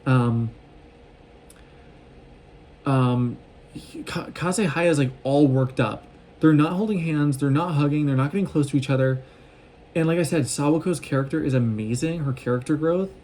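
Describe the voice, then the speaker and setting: Man, casual vlog recap, rambling and quick, mellow dark tone, faint background hiss, phone mic. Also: a little high. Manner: fast, rambling, with many fillers and restarts. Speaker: vlogger recapping a show.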